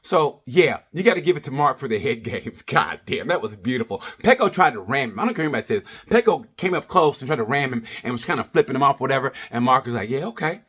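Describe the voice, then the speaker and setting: Animated, profane male vlogger. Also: mid-range voice, fast, few pauses, breathy edge. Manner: profane, rambling, jokey. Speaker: racing review vlogger. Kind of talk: casual ranting review.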